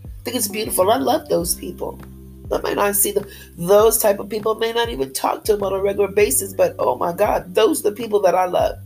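A woman's voice: medium pitch, darkish tone, poor audio. Woman, faith-based motivational talk, peppy, upbeat, repeats phrases, faint background music. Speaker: motivational speaker.

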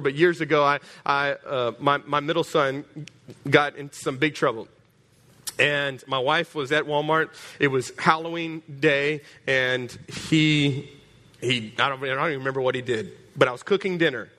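Animated preacher man, bright voice. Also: a little high. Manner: animated, repeats words, calls out to congregation. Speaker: pastor. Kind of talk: storytelling sermon.

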